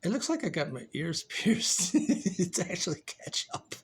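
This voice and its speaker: A man's voice: high voice, big pitch swings, a little slow, a bit bright, slight background noise. A sleepy, goofy man rambling playfully in a casual vlog, recorded outdoors in his yard on a phone held on a selfie stick. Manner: goofy, playful, sing-song, laughs often. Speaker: vlogger. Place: outdoor yard after mowing.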